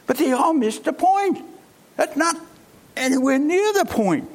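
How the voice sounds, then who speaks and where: High-voiced, unhurried male preacher. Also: lively intonation. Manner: emphatic, with rhetorical questions. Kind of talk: sermon.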